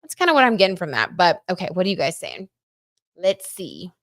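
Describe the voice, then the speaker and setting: A young woman hosts a casual livestream, chatting about stars and gossip and gushing over viewer comments. Her voice sits a little low for a woman, and she talks through plenty of fillers. The sound is dry and close, with no room echo. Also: wildly swooping pitch, very fast, a bit bright. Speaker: livestream host reading chat.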